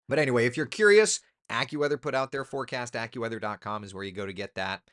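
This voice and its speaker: A man's voice: sing-song, fast talker, hardly any pauses, fairly bright tone. A man hosting a casual live chat as a meteorologist, reading viewer comments and giving opinions. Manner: pitch swings up sharply when making a point.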